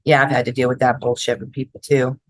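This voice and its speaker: A woman's voice: rumbling low, little pitch movement, fast, dry recording, low-quality recording. Florida woman hosting a podcast, new york meets southern accent, says it straight, curses a lot. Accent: mix of New York and Southern. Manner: blunt and direct, swears freely. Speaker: podcast host. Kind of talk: casual advice podcast.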